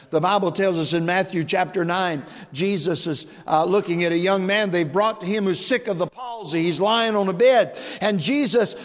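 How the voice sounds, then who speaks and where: A man's voice: sits high, long reverb tail. A man preaching a revival sermon with rising, impassioned emphasis and repetition.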